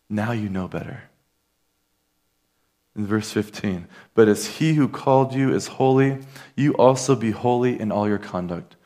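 A man's voice: fairly low pitch, darkish tone. A man preaching a sermon in an earnest, conversational way, talking straight to his listeners.

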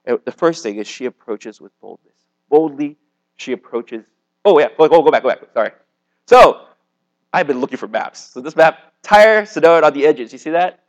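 A man's voice: a little high, expressive, moderate pace, muffled recording. A man, likely a youth pastor, preaching a casual sermon to a young live audience in a conversational way, with lots of "like" and "okay?". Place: meeting room with a live audience.

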